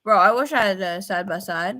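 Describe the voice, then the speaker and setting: A young woman in casual reaction commentary, excitable, thinking out loud with fillers and repeated phrases. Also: medium pitch, a little fast. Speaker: reaction video host.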